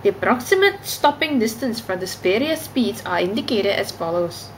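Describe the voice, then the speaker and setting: A woman's voice: medium pitch, expressive, moderate pace, slight background noise, natural voice, low-quality recording. This is an emphatic, formal reader with an Indian accent, as a woman puts it on. The voice sits in a middle register and reads a script. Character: woman reading a driving manual with an Indian accent. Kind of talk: read-aloud script.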